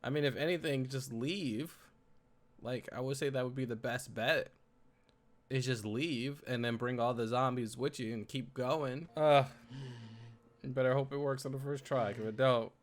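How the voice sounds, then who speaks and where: A man reacting to a TV episode in casual commentary, prone to loud excited outbursts and repeated exclamations. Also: medium pitch, normal speed. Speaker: reaction video host.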